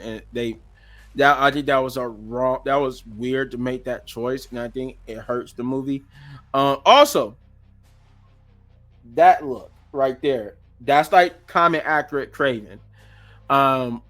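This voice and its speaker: Guy rambling thru a casual review, mid-pitched voice, loose slangy talk, bit of music under it. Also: fairly bright tone. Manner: rambling, many restarts and fillers, offhand slang. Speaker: gaming channel host reviewing a movie.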